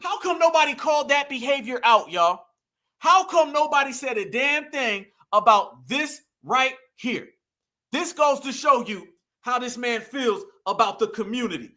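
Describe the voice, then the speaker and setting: A man's voice: very high voice, expressive, a little slow, sharp tone. A man giving emphatic online commentary, fired up and firing rhetorical questions at his audience.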